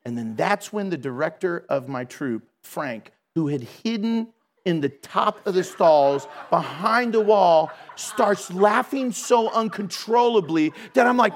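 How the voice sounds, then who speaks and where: A middle-aged man giving a storytelling sermon in a lively, conversational way, laughing at himself. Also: sits high, takes it slowly. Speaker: Christian speaker.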